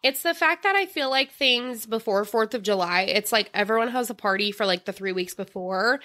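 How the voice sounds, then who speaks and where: A woman co-hosting a casual true-crime podcast, telling stories in an animated, giggly way. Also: mid-range voice, moderate pace. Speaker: podcast co-host.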